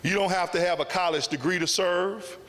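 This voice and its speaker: A man's voice: high-pitched, steady tone, a little fast, fairly bright tone. A man telling a story in a public speech at a summit, with emphatic repetition. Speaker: summit speaker. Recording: long hall reverb.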